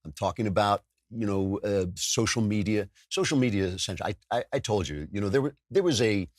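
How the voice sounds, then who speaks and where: A man's voice: on the low side, brisk, no room sound, clean studio sound. A man hosting a political talk show, delivering a sardonic, self-mocking monologue with frequent stumbles and restarts. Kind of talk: podcast monologue with ad read.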